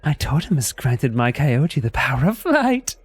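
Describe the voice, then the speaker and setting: A man putting on a sinister high-pitched game dealer. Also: big pitch swings, unhurried, slightly rough, heavily acted. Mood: ominous. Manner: theatrical, raised and ominous. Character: sinister old male card-game dealer, menacing. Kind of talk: narrating a video game in character.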